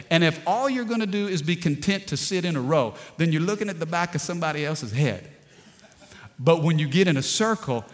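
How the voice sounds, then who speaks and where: A man pastor preaching a lively sermon, calling out to the congregation and telling funny stories. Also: fairly high pitch. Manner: dynamic preaching, call-and-response with congregation, storytelling with humor. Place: large church sanctuary. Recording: long hall reverb.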